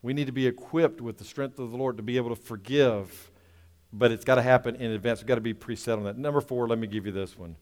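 A male pastor preaching a sermon, swinging from loud, drawn-out lines to quiet asides and asking the congregation rhetorical questions. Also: medium pitch, big-room sound.

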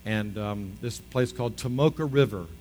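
A man's voice: on the low side, normal speed, a little mellow. A middle-aged male pastor preaching a sermon, telling a story with chatty asides and rising to emphatic appeals.

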